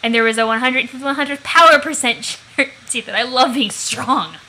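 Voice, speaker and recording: A woman voicing a brash young man who brags about his muscles with loud, mock-old-fashioned exclamations. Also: sits high, normal speed, slight background noise, low-quality recording. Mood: excited.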